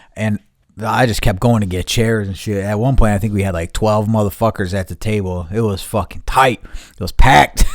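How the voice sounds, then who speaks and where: Dude with a lowish voice, cussing nonstop, rambling podcast story, dry sound. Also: male voice, dry recording. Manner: rambling, heavy swearing, laughs mid-story. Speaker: podcast host. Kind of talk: casual storytelling.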